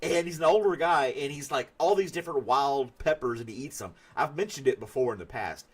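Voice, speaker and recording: A man with a medium-pitched, breathy-edged voice speaks fairly quickly while hosting a casual live stream. He rambles and chats loosely, reading viewer comments and laughing at his own stories.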